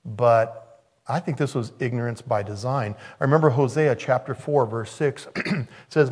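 A man preaching a sermon, telling stories in an animated way and acting out the voices in them. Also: mid-range voice, moderate pace. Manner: animated storytelling, acts out quoted voices.

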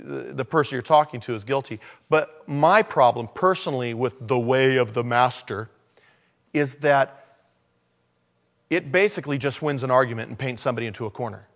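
A man preaching a conversational sermon, dropping to low murmurs and then rising to loud, emphatic lines. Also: moderate pace, vocal fry. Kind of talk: sermon on evangelism.

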